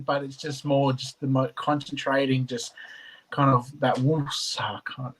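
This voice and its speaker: A man's voice: a little high, flat delivery, normal speed, fairly bright tone, rough recording. A young man in his twenties, a guest talking in an easygoing, modest way over a video call. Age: 20s. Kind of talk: casual chat.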